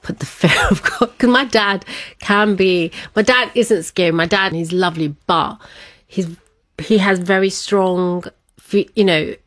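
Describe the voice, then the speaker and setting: Lively woman telling a story. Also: mid-range voice, unhurried, no echo. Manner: lively, laughs often, acts out family quotes. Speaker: guest. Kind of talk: conversational storytelling.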